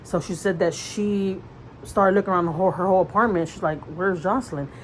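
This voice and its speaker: A woman's voice: medium pitch, fairly even intonation, fast, slight background noise, low-quality recording. A woman vlogger retelling a story in casual chat, rambling with fillers and restarts, earnest and conversational. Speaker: mother vlogger.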